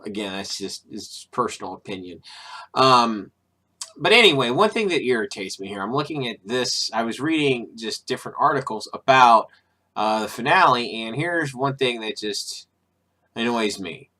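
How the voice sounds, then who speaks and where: A man talking straight to the camera in a loose, rambling way, stopping and restarting his sentences. His voice has a bright, forward edge and sits at an ordinary middle pitch. He drops in sarcastic, irritated asides as he goes. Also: lively intonation, moderate pace. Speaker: video host. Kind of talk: casual opinion monologue.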